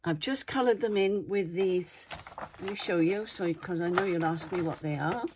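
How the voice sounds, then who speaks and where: Woman, a little low-pitched, casual craft host, chatty and friendly check-ins. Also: normal speed, background noise. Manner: chatty, often checks in with "all right?".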